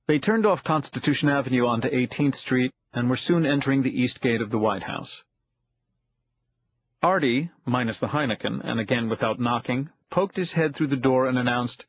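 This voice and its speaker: A man reading an audiobook thriller in an even, measured scripted narration. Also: mid-range voice, breathy edge, no room sound, lo-fi sound.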